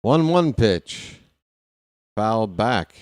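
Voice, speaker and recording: A man's voice: fairly low pitch, big pitch swings, extremely slow, darkish tone, smooth, no room sound, clean studio sound. A man calling a baseball game live as a fan play-by-play host, rooting openly for his team in a chatty way. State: hiccups.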